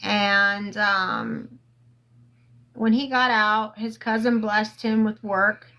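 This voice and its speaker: A woman talks into her phone on a casual livestream, drawling her way through a long story at an unhurried, lazy pace. Her pitch sits in an ordinary middle range. She rambles and stalls on fillers, and she swears freely. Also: fairly even intonation, bright, forceful tone, rough recording. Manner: rambling, halting with many fillers, profane. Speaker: livestream host.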